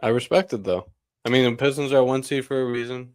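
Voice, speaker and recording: A man co-hosting a podcast, chatting casually about basketball, relaxed and prone to laughing and trailing off. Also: medium pitch, fast, no echo. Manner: relaxed, laughs often, trails off mid-sentence. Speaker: podcast co-host. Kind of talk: casual sports chat.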